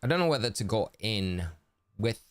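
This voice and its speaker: Male streamer, deep voice, chatty and thinking aloud, faint game music behind. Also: big pitch swings, normal speed, clear, resonant tone, no room sound. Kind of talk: casual game commentary.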